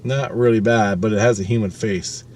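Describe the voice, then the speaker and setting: A man's voice: lowish voice, fairly even intonation, moderate pace, a little mellow, a little hiss or hum. Rambling, profane male storyteller. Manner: rambling, profane, with frequent "right?" asides. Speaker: vlogger. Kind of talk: casual storytelling.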